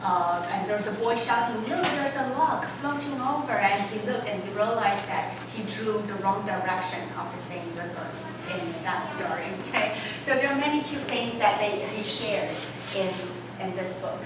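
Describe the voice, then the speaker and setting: A woman's voice: medium pitch, moderate pace, crowd noise. A woman lecturing at a storytelling workshop, talking with fillers and chatty asides. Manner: animated read-aloud voices, chatty asides with fillers. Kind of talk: lecture with read-aloud storytelling. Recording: echoey hall, voice from far off, audible room noise.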